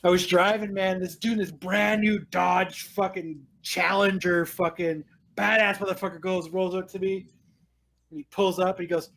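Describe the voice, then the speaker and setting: A man's voice: sits high, little pitch movement, normal speed, creaky, a bit bright. A man co-hosting a podcast, telling car stories in casual, profane chat and laughing often. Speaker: podcast co-host.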